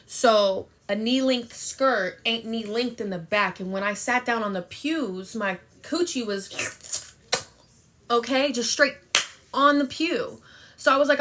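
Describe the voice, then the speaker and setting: A woman's voice: on the high side, a little slow, noisy background. A young woman telling a story and chatting on a phone livestream, brash and profane, thanking viewers for gifts. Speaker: TikTok live streamer.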